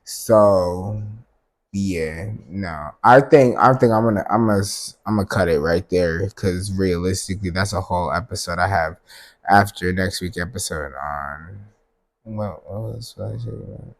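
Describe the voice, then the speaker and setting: A man's voice: low-pitched, a little slow. A man hosting his own podcast, talking bluntly in a casual rant. He swears often, piles up fillers and restarts, and his voice jumps up when he makes a point. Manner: blunt, profane, filler-heavy with sudden emphatic rises. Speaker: podcast host.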